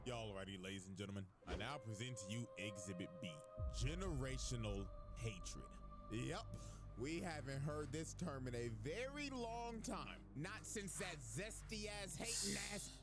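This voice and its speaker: A man's voice: mid-range voice, normal speed. Man roasting a cartoon over music. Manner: crude, deadpan roasting. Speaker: recap narrator. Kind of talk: comedic recap narration.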